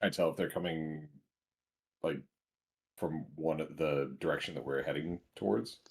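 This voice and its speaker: A man's voice: rumbling low, steady tone, moderate pace, vocal fry, darkish tone. A man playing a tabletop game, talking casually and rambling with restarts. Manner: rambling, hesitant, repeats himself. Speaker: player.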